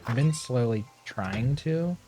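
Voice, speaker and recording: A young man streaming a game, chatting casually and rambling to himself, his voice a little hoarse and often clearing his throat. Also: mid-range voice, expressive, slow, warm tone, slight background noise. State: slightly hoarse. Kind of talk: casual gameplay chat.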